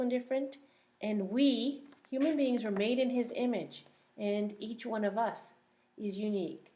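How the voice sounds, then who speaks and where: A woman teacher reading a picture book aloud to young children, gently asking them questions along the way. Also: on the high side.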